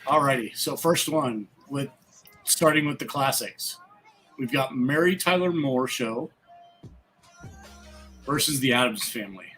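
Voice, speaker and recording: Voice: medium pitch, lively intonation, measured pace, long pauses, a bit bright, rough recording. Host reading out bracket matchups over faint music. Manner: game-show announcing. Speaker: podcast host. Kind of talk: casual chat.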